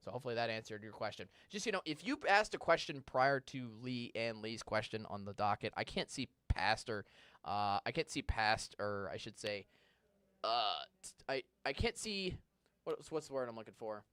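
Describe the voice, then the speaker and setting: A man's voice: mid-range voice, lively intonation, moderate pace, a bit bright, clear, resonant tone, no room sound. A male TV meteorologist in a studio, answering viewer questions in a live, conversational weather broadcast and sometimes stumbling over words. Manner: stumbles and restarts when searching for words. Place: TV station studio.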